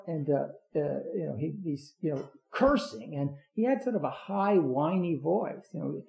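A man giving a rambling Zen talk, halting often with fillers and restarts. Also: a little high, lively intonation, vocal fry, mellow. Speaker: Zen teacher. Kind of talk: dharma talk. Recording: roomy, dull lo-fi recording.

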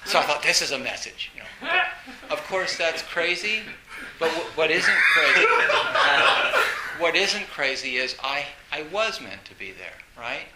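A man giving a storytelling dharma talk as a meditation teacher, animated, with frequent laughter and many fillers. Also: on the high side, moderate pace. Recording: roomy echo with faint hiss.

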